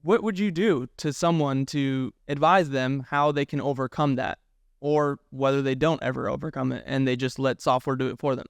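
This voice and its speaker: Smooth-voiced man hosting a podcast. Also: medium pitch, steady tone, no echo, studio quality. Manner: halting, restarts questions, quick. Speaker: podcast host. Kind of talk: casual podcast interview.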